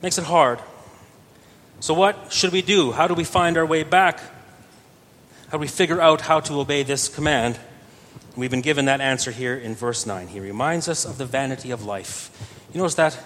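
Preaching man in an echoing hall. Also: normal speed. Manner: earnest preaching, swelling louder on key phrases. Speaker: pastor. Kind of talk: sermon. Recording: reverberant church hall with faint rumble.

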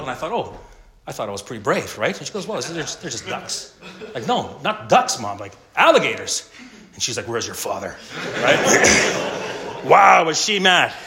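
A middle-aged man preaches to fathers in an easy sermon voice, mid-pitched and steady. He tells his story with sudden loud bursts that drop back to near-hushed asides. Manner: storytelling with wide swings between loud and hushed. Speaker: pastor.

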